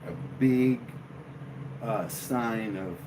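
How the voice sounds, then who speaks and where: Slow, drawling male streamer. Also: mid-range voice, noisy background. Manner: slow, drawling, jokey banter with chat. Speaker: livestream host. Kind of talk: casual live-stream chat with viewers.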